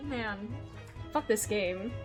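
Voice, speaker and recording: A woman's voice: mid-range voice, slow pace, music in the background. A woman streamer giving casual, emotional commentary on a story game, swearing casually.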